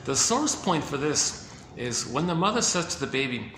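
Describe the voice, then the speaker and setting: A man giving a casual, halting explanation on psychology, often searching for words and repeating himself. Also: a little high, big pitch swings, a bit bright, slight background noise. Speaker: speaker on psychology. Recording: echoey room with faint ambience.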